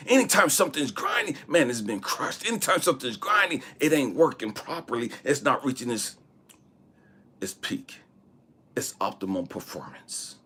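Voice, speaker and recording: A man hosting a spiritual channel, telling a personal story in an animated, emphatic way, swearing freely and sometimes dropping to a whisper. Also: medium pitch, moderate pace, husky. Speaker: spiritual channel host and intuitive reader. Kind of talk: casual storytelling monologue.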